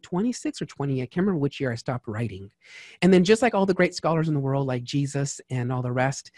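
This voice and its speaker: A man talking as a tax strategist guest in a casual interview, lively and chatty with lots of asides. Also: a little high, dry recording, studio quality.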